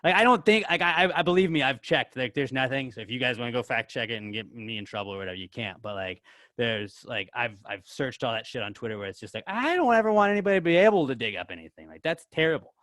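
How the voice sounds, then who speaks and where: A man's voice: medium pitch, fast, pushed and bright, dry recording, clean studio sound. A man co-hosting a podcast, rambling through filler-heavy casual chat and getting worked up. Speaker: podcast co-host.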